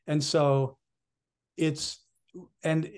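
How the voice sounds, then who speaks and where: A man talks through coaching examples with energy, slipping into the voices of the people he coaches as he goes. His voice sits a little higher than most men's. The delivery is relaxed, conversational podcast chat. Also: drawn-out words, smooth. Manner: animated, explains through worked examples. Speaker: strengths coach.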